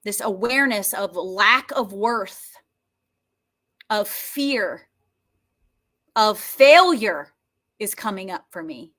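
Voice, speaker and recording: A woman guiding a tapping and healing session, talking slowly and emotively with many sighs, and coaxing listeners to repeat her phrases. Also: medium pitch, animated, fairly bright tone. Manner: slow, breathy, emotive, with frequent sighs.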